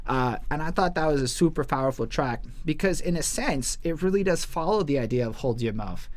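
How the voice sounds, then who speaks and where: A man's voice: fairly high pitch, a little fast. A man co-hosting a podcast, chatting casually about an album, jokey and steering the talk. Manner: animated, jokey, leads the discussion. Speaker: podcast co-host. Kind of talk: casual album review chat.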